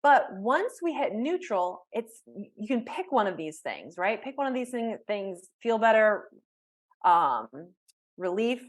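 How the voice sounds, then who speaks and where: Animated woman coaching on a video call. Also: medium pitch, unhurried. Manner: conversational, talks through examples with self-talk, frequent restarts. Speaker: life coach. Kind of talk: live online workshop teaching.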